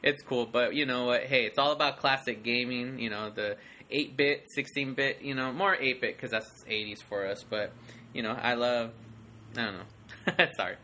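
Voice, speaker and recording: A man in his forties hosting a podcast, chatting casually and rambling excitedly with lots of fillers. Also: medium pitch, moderate pace, slight background noise. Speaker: podcast host. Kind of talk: casual chat.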